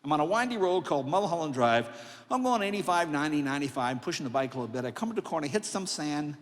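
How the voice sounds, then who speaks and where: Animated older man in a reverberant hall. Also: fairly high pitch, fast. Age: 60s. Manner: animated, acts out voices of family and others. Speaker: comedian. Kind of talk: stand-up storytelling speech. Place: large hall on stage.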